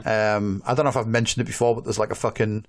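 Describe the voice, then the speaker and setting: A man's voice: fairly low pitch, level tone, fast talker. A man co-hosting a podcast in casual chat, rambling with lots of swearing and filler words. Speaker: podcast co-host.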